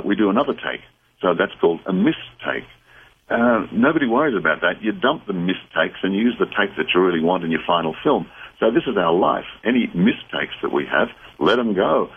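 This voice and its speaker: Deep husky man, radio guest giving earnest advice, phone-like band. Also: slight background noise. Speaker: psychic medium guest. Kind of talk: radio call-in answers.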